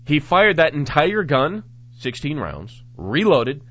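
A man hosting a talk show, reading news reports aloud and commenting on them in a sarcastic, animated way. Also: fairly high pitch, slow pace, no echo. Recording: dull lo-fi audio.

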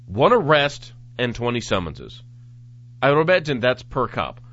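Man, talk show host, sarcastic news commentary, animated and lively, muffled lo-fi sound. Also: mid-range voice, moderate pace. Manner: sarcastic, animated, thinks aloud. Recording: dull lo-fi audio.

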